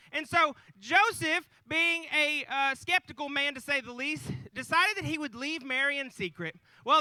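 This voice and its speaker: A man's voice: extremely high pitch, pushed and bright, no echo, poor audio. A man in his thirties telling a folksy, joking nativity story to a live audience, with asides to the crowd. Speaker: storyteller on stage. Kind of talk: comic live retelling of the nativity.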